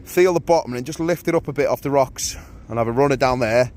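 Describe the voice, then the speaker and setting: A man's voice: mid-range voice, quick pace, a little mellow. Jokey man hosting a fishing vlog. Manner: jokey, laughing, teasing. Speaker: fishing video host. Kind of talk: casual vlog banter.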